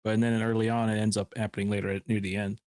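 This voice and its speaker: A man's voice: on the low side, level tone, fast talker, darkish tone, no echo, studio quality. A man co-hosting a podcast in casual chat, easygoing and agreeable as he adds his take on an episode. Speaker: podcast co-host.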